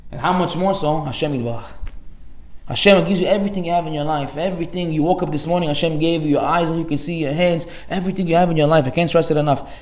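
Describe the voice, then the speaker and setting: Rapid, animated man preaching in echoey hall. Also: a little high. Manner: animated, jokey, acts out quotes with sudden loud bursts. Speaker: rabbi giving a Torah class. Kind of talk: energetic sermon to a live audience. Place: study hall with audience.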